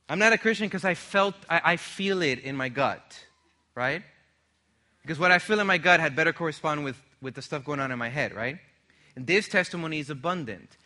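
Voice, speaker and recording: A middle-aged male preacher with a very bright, forceful tone and a slightly high voice. He presses his points hard and keeps throwing questions back to the congregation, building each point with emphatic repetition. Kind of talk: sermon.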